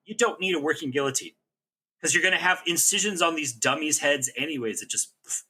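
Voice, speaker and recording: This podcast co-host recapping a TV show has a fairly high, breathy male voice and talks briskly. He's animated and casual, rambling along with joking asides.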